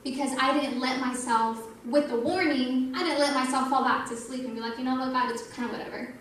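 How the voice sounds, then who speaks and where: A woman's voice: high-pitched, fairly even intonation, brisk, a bit bright. A young woman giving an earnest sermon testimony at a youth night, telling her story and saying "like" a lot. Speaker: youth speaker. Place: church hall. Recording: echoey church hall, mic from a distance, faint noise.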